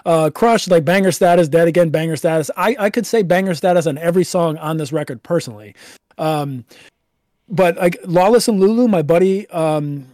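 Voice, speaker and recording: A man's voice: a little high, moderate pace, darkish tone, dry recording, clean studio sound. Enthusiastic male podcast host. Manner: enthusiastic, swears casually. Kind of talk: casual album review chat.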